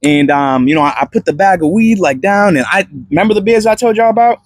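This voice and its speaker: A young man casually telling a personal testimony story in an animated, slangy way, full of fillers and restarts. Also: high voice, fast, no room sound.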